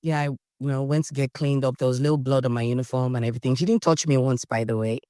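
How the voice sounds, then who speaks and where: A young woman with a Nigerian accent, a podcast guest telling lively personal stories in casual conversation and acting out the voices in them. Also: a bass voice, quick pace, dry recording, clean studio sound. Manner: animated storyteller, acts out quotes, Nigerian slang. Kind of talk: storytelling in casual interview.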